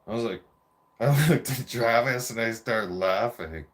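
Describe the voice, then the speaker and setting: A man's voice: medium pitch, measured pace. A man in his forties telling a rambling, profane childhood story in a casual rant.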